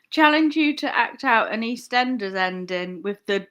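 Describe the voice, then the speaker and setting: A young woman chats on a live stream in a rambling, casual way, laughing often and swearing freely. Her voice is quite high and very bright. She drifts from one memory to the next with easy humour. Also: expressive, takes it slowly. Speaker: online reseller live-streaming.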